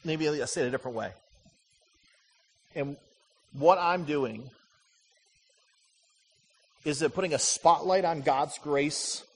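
A middle-aged man preaching a sermon as a pastor, telling stories with lively ups and downs and driving home short repeated lines. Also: on the high side, big-room sound. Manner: animated storytelling with punchy repeated lines.

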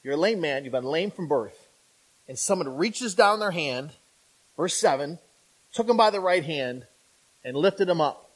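Speaking to his congregation in a voice high for a man, the preacher stays casual and conversational. He keeps throwing in a quick "right?" and lively impressions of imagined people.

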